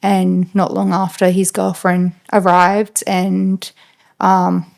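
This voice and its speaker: A woman with an Australian accent, a podcast guest, telling a personal story in a halting, flat way with lots of fillers. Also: fairly low pitch, creaky. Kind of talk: casual storytelling.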